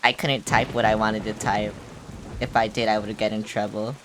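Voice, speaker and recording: A woman's voice: very deep voice, level tone, normal speed, a little hiss or hum. A woman streaming a video game, chattering in a hyper, rambling way and swearing playfully. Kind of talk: casual gaming livestream chatter.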